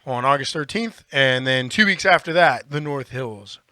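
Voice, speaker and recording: A man's voice: medium pitch, animated, moderate pace, bright, forceful tone, no room sound, clean studio sound. A man co-hosting a casual podcast, talking in a playful, jokey, upbeat way. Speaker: podcast co-host.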